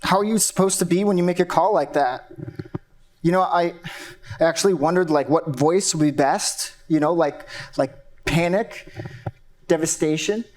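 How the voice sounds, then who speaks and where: A flat, guarded young man answers questions in a matter-of-fact way, as an actor plays him. His voice sits a touch high for a man, and he gives little away. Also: normal speed, natural voice. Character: young man James questioned after killing his abusive father. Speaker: accused son. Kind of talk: stage play acting.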